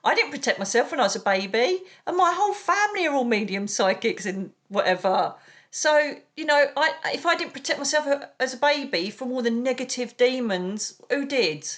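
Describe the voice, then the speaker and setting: A middle-aged British woman, a psychic medium, talking in an animated, chatty way as an interview guest and calling people darling. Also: high voice, moderate pace. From United Kingdom. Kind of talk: casual interview chat.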